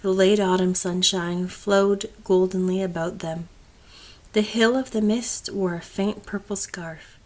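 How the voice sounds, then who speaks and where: A woman narrating an audiobook of a classic novel in a gentle, measured storytelling voice that often drops to a hush. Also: medium pitch, steady tone.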